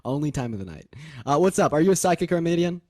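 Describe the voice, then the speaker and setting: A man's voice: a little high, very animated, racing, a little mellow, no room sound, clean studio sound. A man hosting a casual live call-in stream, laughing often, swearing and repeating his phrases. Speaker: host. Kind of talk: casual livestream chat with callers.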